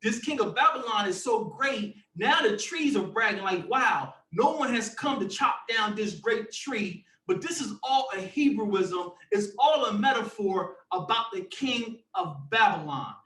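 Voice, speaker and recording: A high, bright male voice leads a Bible study with forceful, animated preaching. He is heard from some distance in an echoey room. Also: a little slow, few pauses. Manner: animated, emphatic, sometimes shouting. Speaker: Bible teacher.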